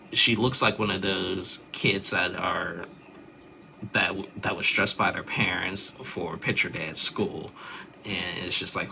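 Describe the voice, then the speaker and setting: A man's voice: deep voice, vocal fry, bright, forceful tone, a little hiss or hum. A young man chatting casually as he recaps a reality show, rambling with lots of fillers and restarts.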